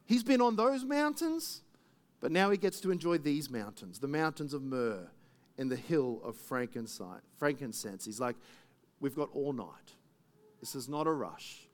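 A man preaching a sermon in a conversational way, full of asides and rhetorical questions. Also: mid-range voice. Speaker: pastor.

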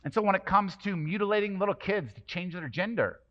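A man's voice: high voice, sing-song, a little fast, fairly bright tone, muffled recording. A man preaching a sermon as pastor, passionate and emphatic, with many rhetorical questions.

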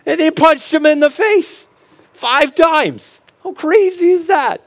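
A man's voice: extremely high pitch, slow pace. A middle-aged man giving a humorous motivational talk about fatherhood, joking and telling stories with earnest asides. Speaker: speaker on fatherhood.

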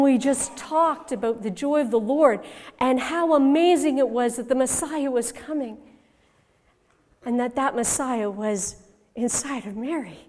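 A woman performs a first-person dramatic monologue as a biblical mother, telling the story expressively and moving between hushed and loud passages. Her voice sits high and unhurried, and the recording carries a long reverb from a large hall.

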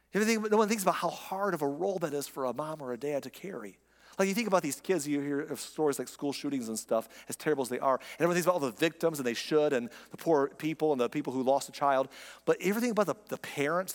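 With a long reverb tail trailing his high voice, a male pastor preaches to the congregation, keeping it conversational and emphatic and throwing out rhetorical questions.

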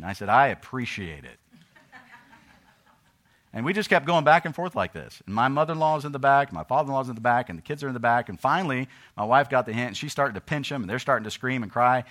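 A middle-aged male pastor with a bright, forceful voice. He reads scripture slowly and loudly, then drops low and casual to tell a personal story, with a pitch that sits in the ordinary middle range. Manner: preaching, swings from loud emphatic scripture reading to low conversational storytelling.

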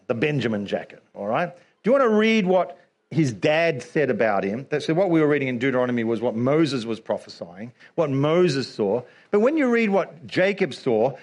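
A man preaching a sermon in an animated way. He laughs often and acts out little scenes as he talks. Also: fairly high pitch.

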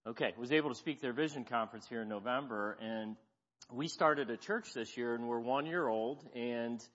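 A middle-aged man preaching as a guest pastor, folksy and self-deprecating, growing animated as he tells stories. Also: medium pitch. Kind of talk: sermon with storytelling. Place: church sanctuary. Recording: dull sound, long church reverb.

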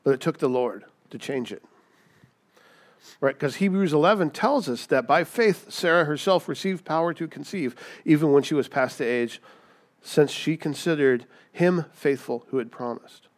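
A man's voice: a little high, normal speed. Conversational male preacher. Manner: conversational, asks rhetorical questions, acts out voices. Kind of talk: sermon.

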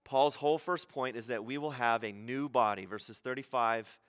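A man's voice: mid-range voice, normal speed, fairly bright tone, clean tone, in a large hall. A man preaching a sermon in a church in a conversational, playful way, full of rhetorical questions. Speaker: pastor. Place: church hall.

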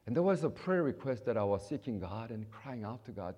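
A middle-aged man preaching a sermon, acting out prayers and dialogue, with sudden loud rises and soft low passages. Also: big pitch swings, a little fast, few pauses, slightly rough. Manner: acts out prayers and voices in dialogue. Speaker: pastor.

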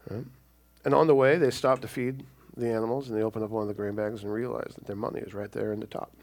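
A man's voice: on the low side, little pitch movement, fast, darkish tone. A male pastor preaching a sermon in a conversational way, often checking in with the listeners. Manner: conversational, keeps asking "right?".

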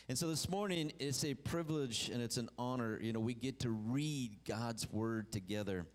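A male pastor preaching a sermon, reading scripture aloud and lifting his pitch on key phrases. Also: normal speed, few pauses. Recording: long church reverb.

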